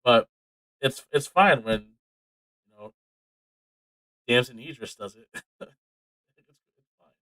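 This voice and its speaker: A man co-hosting a casual podcast, telling stories with animated energy, plenty of swearing and laughter. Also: medium pitch, slow, long pauses, no room sound, low-quality recording. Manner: animated storytelling, heavy swearing, frequent laughs. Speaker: podcast co-host. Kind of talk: casual chat.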